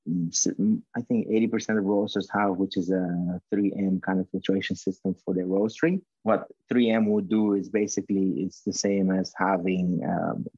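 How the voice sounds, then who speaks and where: A man with a fairly low, breathy-husky voice talks loosely about running his coffee shop, peppering everything with slang and the odd curse. It sounds like a casual podcast chat. The recording is dry and a bit muffled. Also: steady tone, moderate pace, hardly any pauses, dark tone, no room sound. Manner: slangy, profane, laughing storyteller.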